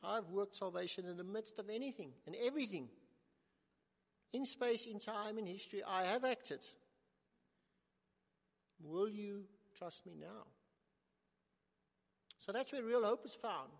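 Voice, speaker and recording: A man preaching a sermon in earnest tones, swelling to emphatic calls and sinking to soft, slow words. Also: high voice, expressive, vocal fry. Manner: earnest, rising to emphatic then dropping to soft, slow quotes. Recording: long hall reverb.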